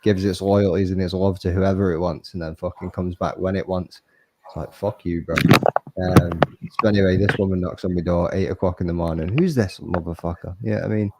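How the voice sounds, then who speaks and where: A man's voice: deep voice, fairly even intonation, brisk, background noise. A man telling stories in casual, sweary chat. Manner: sweary, storytelling.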